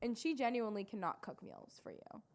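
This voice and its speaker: A young woman co-hosting a podcast in casual chat, animated and laughing often. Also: a little high, brisk. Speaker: podcast co-host.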